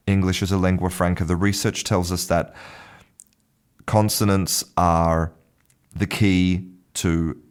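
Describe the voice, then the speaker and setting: A man hosting a language podcast, teaching pronunciation in a casual, thinking-aloud monologue with frequent restarts and chuckles. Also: sits low.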